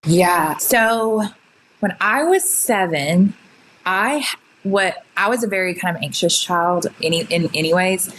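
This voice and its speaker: A young woman telling her own story in casual chat, full of "like" fillers and quick retellings. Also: lowish voice, lively intonation, a bit bright, slight background noise, rough recording. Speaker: guest sharing her story.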